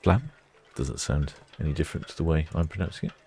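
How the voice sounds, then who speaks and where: Man, extremely low bass voice, relaxed chatty live-stream commentary, wry asides. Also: fast, slight background noise. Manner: chatty, musing aloud, wry. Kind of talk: casual live commentary reading viewer comments.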